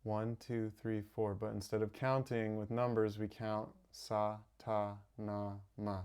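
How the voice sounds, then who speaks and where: A man guiding a live breathwork meditation, calmly giving instructions and softly counting the breaths. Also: lowish voice, smooth. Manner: slow, calm, counting softly. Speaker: meditation teacher. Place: home streaming setup.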